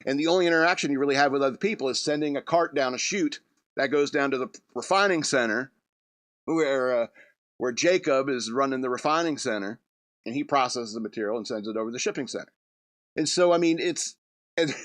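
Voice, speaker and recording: A man's voice: medium pitch, a little fast, fairly bright tone, no echo. A man hosting a comedy radio show, rambling through a loose monologue with restarts and chuckles.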